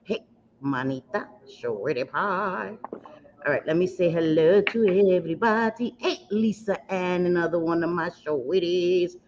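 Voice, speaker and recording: A woman's voice: on the low side, unhurried, noisy background. A woman hosting a casual makeup livestream, chatting at length and greeting viewers with pet names in a rambling, self-mocking way. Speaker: beauty livestream host. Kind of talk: casual livestream chat while doing makeup. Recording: slightly dull lo-fi livestream audio.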